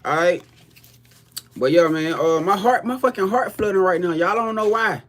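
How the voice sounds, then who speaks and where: A man's voice: high-pitched, moderate pace, a bit bright. A man chats casually on a livestream tarot reading. He is loose and profane, cursing freely as he talks straight to his viewers.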